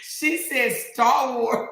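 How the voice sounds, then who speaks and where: A woman's voice: high-pitched, very slow, a bit bright. A woman hosting a livestream, reading chat to her viewers in slang and laughing so hard she is in tears and keeps breaking off mid-sentence. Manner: talks straight to her viewers with lots of slang. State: crying with laughter. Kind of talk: casual chat. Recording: very echoey room.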